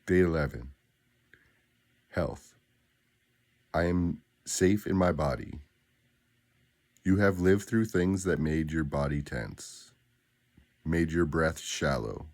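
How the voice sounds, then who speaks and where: A man guiding listeners through spoken daily affirmations, with a slow, deliberate, grounded delivery and pauses between phrases. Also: extremely low pitch, a little mellow. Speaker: affirmation guide.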